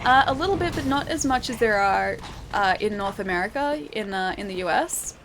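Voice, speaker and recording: A woman's voice: medium pitch, expressive, fairly quick, background noise. A young Australian woman with a city accent, chatting casually and giggling while she streams a game and reads her chat aloud. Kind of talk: casual livestream commentary. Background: game music.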